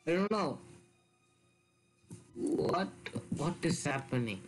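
Excitable man narrating his gameplay. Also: a little high, slow, long pauses, faint music behind, low-quality recording. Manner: excitable, shouts and accuses while playing. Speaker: gaming video host. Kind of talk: casual gameplay commentary.

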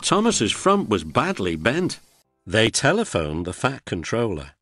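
A man narrating a children's train story in an expressive storybook style. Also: on the low side, unhurried, no room sound. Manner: expressive, reads all the characters. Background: background music.

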